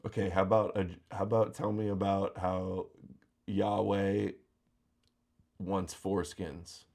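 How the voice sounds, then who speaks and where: Low-voiced man hosting a live stream. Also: flat delivery, slow pace, gravelly, darkish tone. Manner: blunt, mocking, provocative. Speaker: host. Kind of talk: live-stream talk show.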